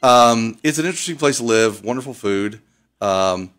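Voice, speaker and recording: An older man from Ohio with an Ohio accent, a pilot guest on a radio interview, chatty and animated as he tells stories. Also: mid-range voice, moderate pace, slight background noise. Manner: chatty storyteller, animated, fond of doing accents. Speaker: air show pilot.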